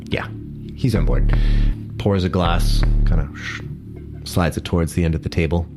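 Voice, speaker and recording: A man running a tabletop game as its game master, with a very low, deep voice. He narrates casually, with fillers and quick self-corrections. Faint music plays behind him. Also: fairly even intonation.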